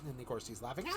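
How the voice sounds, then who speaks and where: A man casually reading a comic story aloud to a live stream, with relaxed, chuckling asides. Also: mid-range voice, background noise. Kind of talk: casual read-aloud narration.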